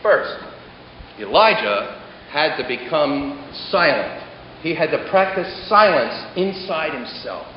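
A man's voice: a little high, reverberant, big-room sound. Guy preaching a sermon, big dramatic delivery, muffled old recording with faint hiss. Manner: dramatic, swelling emphasis and sudden hushed drops. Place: large hall before a congregation.

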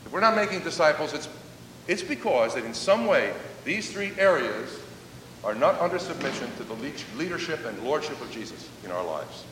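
A male pastor delivering a sermon with animated preaching, slowing down to stress key words. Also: recorded from a distance. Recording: echoey hall, faint rumble.

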